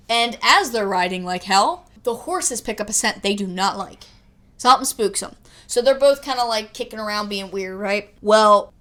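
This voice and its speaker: Higher-pitched woman retelling a film. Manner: lively retelling with frequent laughs and swearing. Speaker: podcast co-host. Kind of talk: casual movie review chat.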